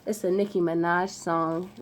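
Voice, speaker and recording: A young woman in a casual unboxing vlog, talking in an excitable, emotional and slangy way, gushing with gratitude. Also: on the low side, heavy background noise. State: throat dry. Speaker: vlogger unboxing gifts.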